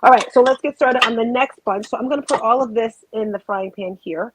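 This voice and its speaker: A woman's voice: a little high, brisk, noisy background. A woman hosting a home cooking show, chatting casually and rambling to viewers while she cooks.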